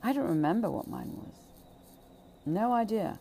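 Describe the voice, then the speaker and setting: Speaking passionately about childhood trauma, a woman with a rough, fry-heavy voice of middle pitch hammers her points with repeated short phrases and plenty of swearing. Her delivery is sing-song and moderately paced, jumping from loud bursts to hushed remarks over a faint hiss.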